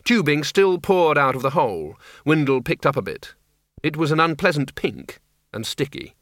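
A man's voice: a little high, moderate pace, no echo, studio quality. A man narrating a comic fantasy story as an audiobook reader. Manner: lively, expressive storytelling. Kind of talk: scripted narration.

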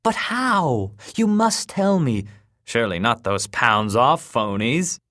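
A man puts on a greedy, pushy heavyset man in a told story, pitched higher and louder than the narration. He presses eagerly and impatiently, in a dry, close recording. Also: very animated, normal speed, no echo.

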